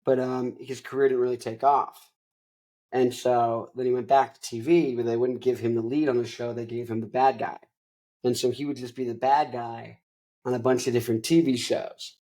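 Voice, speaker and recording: A man's voice: mid-range voice, level tone, moderate pace, dark tone, low-quality recording. Young man rambling through a movie recap. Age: young adult. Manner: rambling, many fillers and restarts. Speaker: podcast host.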